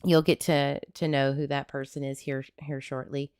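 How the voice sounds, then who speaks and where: Chatty Southern woman livestream host, low voice, dry close sound. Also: little pitch movement, moderate pace, a little mellow, smooth, no room sound. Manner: chatty, greets viewers by name, jokey asides. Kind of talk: casual livestream chat.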